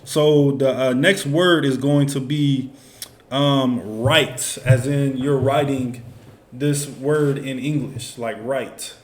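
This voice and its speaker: A man teaches a class casually and conversationally, full of asides and fillers like "you know what I'm saying." His voice is medium-pitched, fairly even, and slow. The room is echoey, with faint background noise.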